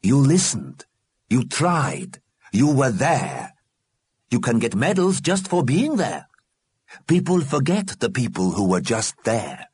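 A man voicing a kind, calm elderly male ghost who speaks gently and reassuringly. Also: mid-range voice, slow, breathy edge, no room sound, pitched above the performer's own voice, heavily acted. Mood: gentle.

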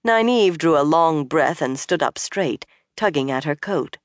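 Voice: mid-range voice, expressive, a little slow, dry recording. Dry, close audiobook narrator. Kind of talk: scripted narration.

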